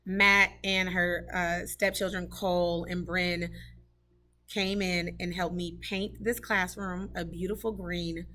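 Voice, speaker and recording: A woman's voice: fairly low pitch, level tone, slow, bright, forceful tone. A woman who teaches third grade, giving a heartfelt, rambling tour of her classroom, talking casually with lots of fillers. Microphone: camera she carries while touring.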